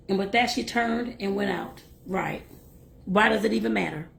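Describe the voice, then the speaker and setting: Creaky-voiced woman reading aloud. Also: mid-range voice, moderate pace, slight background noise. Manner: lively, laughs and talks to listeners directly. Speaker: host and reader. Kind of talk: bedtime book reading with chatty asides.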